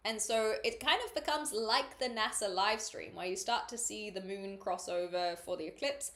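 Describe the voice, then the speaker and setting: A woman with a New Zealand accent talks to her livestream chat in a relaxed, meandering way. Her voice is bright and forward. Now and then she slips into deadpan sarcasm. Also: mid-range voice, moderate pace. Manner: chatty and meandering, dry sarcasm. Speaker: streamer. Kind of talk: casual livestream chat, reading chat aloud.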